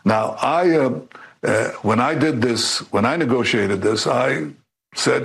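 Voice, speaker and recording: A man speaking as a government official in an interview, measured and hesitant with fillers. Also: medium pitch, vocal fry, fairly bright tone, slightly rough, poor audio. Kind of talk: interview answer.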